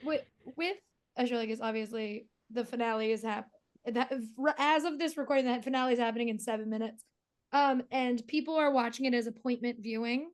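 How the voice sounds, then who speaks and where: Pittsburgh woman, interviewer, somewhat high voice, talkative and quick to laugh. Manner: self-described yapper, laughs easily, cuts sentences short. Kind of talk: casual interview chat.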